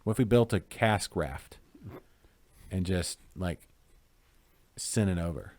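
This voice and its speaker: Rambling low-voiced man joking. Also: expressive, slow, a little mellow, no echo. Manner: rambling, joking, trails off into mumbles. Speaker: podcast co-host. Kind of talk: casual chat.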